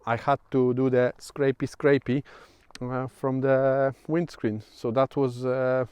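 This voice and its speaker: A man's voice: mid-range voice, flat delivery, slow, a little mellow, clear, resonant tone, dry recording. A man with a Polish accent talking through a casual vlog, hesitant, with many fillers and restarts. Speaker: vlogger. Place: outdoors at sunset.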